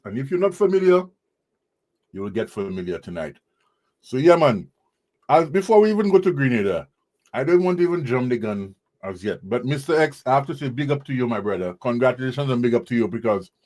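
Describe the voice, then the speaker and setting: A man's voice: mid-range voice, darkish tone. A man hosting a live music show from a studio, hyping the artists and laughing often. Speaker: show host.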